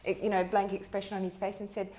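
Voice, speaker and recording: Fast-talking english woman, earnest panel chat, bit of background hiss. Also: medium pitch, flat delivery, warm tone, reverberant. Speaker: panel guest.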